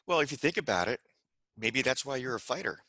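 A middle-aged man co-hosting a casual chat show, blunt and teasing, quick to correct others. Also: mid-range voice, animated, pushed and bright, no room sound. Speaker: podcast co-host.

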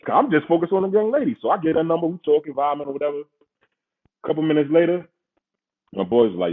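New guy telling a story, slangy, acts out voices, husky, kinda phone-sounding. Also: a little high, fast, phone-quality sound. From Queens, New York. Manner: animated, slangy, acts out quotes. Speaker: guest. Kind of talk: casual storytelling.

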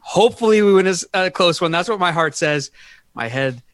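A man's voice: high voice, expressive, brisk, fairly bright tone, dry recording, studio quality. A man hosting a sports podcast, chatting casually and rambling with restarts. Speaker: podcast host.

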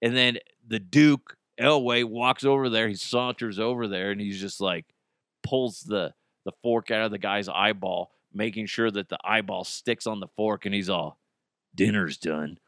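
A podcast host with a lowish, steady, slightly bright voice talks on his own at a moderate pace, riffing casually with jokes and swearing. He also reads a live ad, and the studio sound is clean with no echo.

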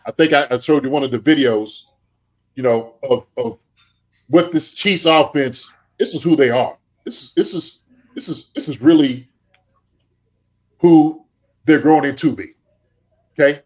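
A man who played tight end, giving animated sports analysis, full of rhetorical "okay?" and "right?" check-ins. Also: mid-range voice, measured pace, long pauses. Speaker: podcast co-host, former tight end.

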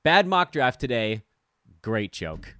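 A man's voice: medium pitch, sing-song, takes it slowly, fairly bright tone, dry recording, clean studio sound. A man in his thirties hosting a podcast, giving rambling, self-deprecating fantasy basketball commentary. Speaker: podcast host. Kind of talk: casual fantasy sports commentary.

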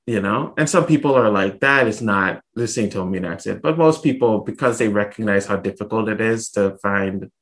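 A man from St. Thomas in the U.S. Virgin Islands, an author talking through his answers in a thoughtful, measured way with pauses and restarts during an interview. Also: fairly low pitch. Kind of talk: casual interview conversation.

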